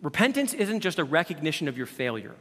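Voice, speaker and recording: A man preaching a sermon as pastor, swinging from loud emphatic lines down to hushed near-whispers. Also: fairly high pitch, big pitch swings, quick pace, breathy edge. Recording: reverberant hall.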